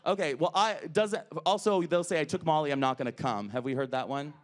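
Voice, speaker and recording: Man, drag comedian, brash crude crowd work, smooth higher voice, club stage mic. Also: fast talker. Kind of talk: stand-up comedy.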